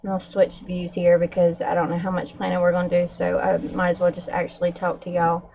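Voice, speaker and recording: A woman's voice: fairly low pitch, a little fast, vocal fry, highs cut off, slight background noise. A woman livestreaming to her viewers in casual chat, a little out of breath and upset. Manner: upset, talking to viewers while calming pets.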